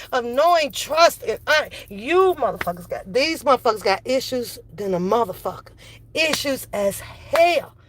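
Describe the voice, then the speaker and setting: A woman's voice: fairly high pitch, no room sound. A woman ranting angrily in a commentary video, profane and repetitive. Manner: heated, profane, repeats phrases. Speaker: commentary vlogger.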